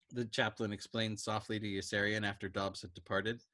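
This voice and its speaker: Man reading a novel aloud, steady. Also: fairly low pitch, dry recording. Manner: measured, steady narration. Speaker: audiobook reader.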